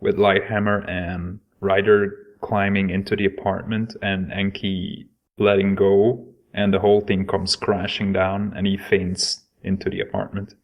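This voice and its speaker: A man's voice: sits low, level tone, a little slow, lo-fi sound. A man playing a tabletop game who describes scenes panel by panel, with fillers. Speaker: player. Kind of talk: casual tabletop game chat.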